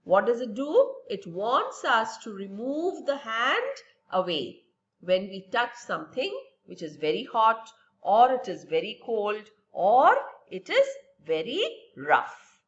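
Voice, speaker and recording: A woman's voice: on the high side, sing-song, takes it slowly, dull audio. A woman teacher giving a recorded science lesson to young children, asking and answering her own questions in a patient, lilting way.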